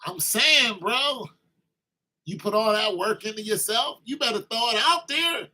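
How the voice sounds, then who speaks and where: A man's voice: high voice, lively intonation, measured pace, pushed and bright, rough recording. A man vlogging a rambling, teasing comic monologue that turns to preachy advice.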